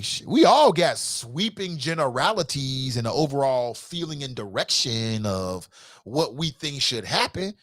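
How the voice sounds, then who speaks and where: A man's voice: fairly bright tone, no echo, clean studio sound. Blunt, fired-up man hosting a call-in show. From Cincinnati. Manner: passionate, blunt, swears, swings from low mutters to high outbursts. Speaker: show host. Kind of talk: call-in talk show commentary.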